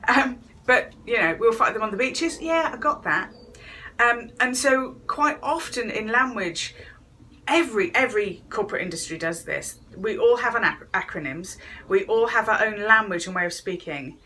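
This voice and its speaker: A woman's voice: fairly high pitch, expressive, normal speed, sharp tone, a little hiss or hum. A woman giving a chatty talk on workplace wellness, speaking straight to viewers and acting out quoted voices along the way. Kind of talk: direct-to-camera talk to viewers.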